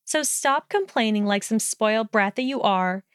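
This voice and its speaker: A sharp young witch who answers crisply and haughtily, as a woman voices her in a reading. The sound is smooth and dry, right up on the mic. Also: a little high, expressive, normal speed, no echo, close to an everyday voice.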